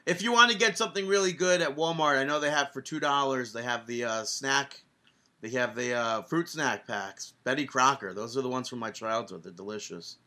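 A man co-hosting a casual podcast, animated and swearing often as he rants. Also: mid-range voice, a little fast. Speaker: podcast co-host.

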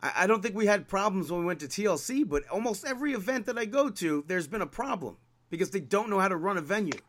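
A New man tells a venue story on his podcast, his voice sitting a little high. He acts out both sides of the argument and grows more and more irritated. It is a casual, chatty retelling. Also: fast talker. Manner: animated, exasperated retelling with quoted dialogue. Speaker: podcast co-host.

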